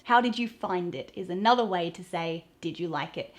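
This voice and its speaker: A woman's voice: medium pitch, unhurried. A woman from Australia with an Australian accent, explaining slang phrases in a playful, cheerful way and acting out examples. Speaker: accent coach.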